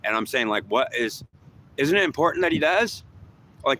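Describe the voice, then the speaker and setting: A man's voice: medium pitch, expressive, moderate pace, long pauses, background noise. A man talking in a rambling, repetitive monologue, often restarting his sentences.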